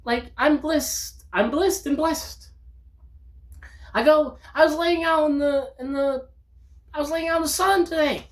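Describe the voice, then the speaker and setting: A woman vlogging in an upbeat, rambling monologue, breaking into loud outbursts when she acts out quotes. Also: sits high, a little slow.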